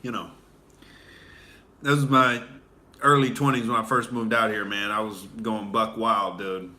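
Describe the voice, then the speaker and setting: A man in his late twenties or thirties, a comedian hosting a livestream, telling crude, animated stand-up stories. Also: fairly low pitch, a little slow. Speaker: comedian, show host. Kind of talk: loose stand-up storytelling on a livestream.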